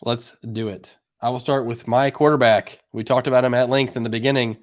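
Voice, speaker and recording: A man's voice: medium pitch, fairly even intonation, a little fast. A man co-hosting a casual podcast, quizzing and teasing his co-host in an upbeat way. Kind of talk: casual chat.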